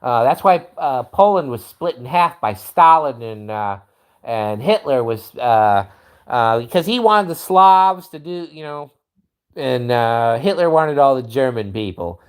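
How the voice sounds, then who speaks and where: A man's voice: mid-range voice, lively intonation, unhurried, clear, resonant tone. A man hosting a livestream, ranting in a profane, rambling way and restarting his sentences often. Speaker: livestream host. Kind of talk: casual livestream rant.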